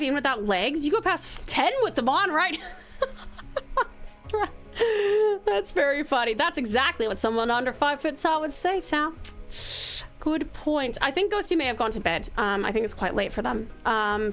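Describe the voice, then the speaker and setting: An Australian woman streaming a game, chatting warmly with viewers and reading the game's narration. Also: high voice, animated, moderate pace, faint music behind. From Tasmania, Australia. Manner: bubbly and affectionate with chat.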